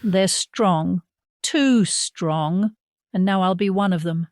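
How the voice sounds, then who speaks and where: A man's voice: high voice, takes it slowly, no echo, voice pushed up. A frightened, sick young woman, voiced by a male narrator in a bedtime sci-fi audiobook. Her voice trembles, breaks and stays weak and close to a whisper, set in a dry, close recording. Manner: trembling, breaking, barely audible.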